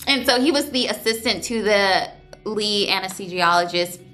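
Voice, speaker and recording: Soft music sits under a young woman's medium-pitched voice as she speaks a little slowly in a casual vlog about her surgery. She is emotional and sometimes near tears, holding back crying, while animating the story with voiced quotes.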